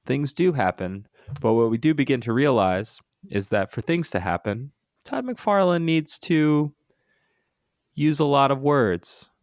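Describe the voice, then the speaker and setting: A podcast co-host who is a little sick and congested, chatting casually with frequent restarts. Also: male voice, medium pitch, unhurried, dry recording, clean studio sound. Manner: relaxed, hesitant, frequent restarts. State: congested, sniffly. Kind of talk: casual chat.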